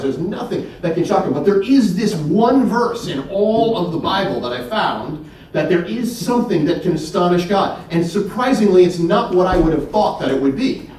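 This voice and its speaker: A man's voice: high-pitched, a little mellow, a little hiss or hum. A middle-aged man giving a faith-based keynote talk, telling stories in an earnest, emphatic way with repeated words. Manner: earnest, storytelling, emphatic repetition. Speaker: keynote speaker. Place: church hall. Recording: echoey hall from far off.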